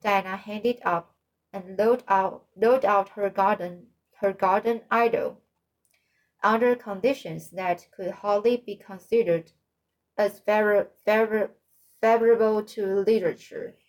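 Slow woman reading a novel aloud, halting, lots of restarts. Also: medium pitch, fairly even intonation, low-quality recording. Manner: halting, with frequent slips and restarts. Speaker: audiobook narrator.

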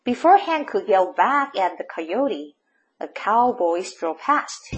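A woman storyteller reading a picture book aloud to children, retelling each page in a slow, expressive way. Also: fairly low pitch, faint music behind.

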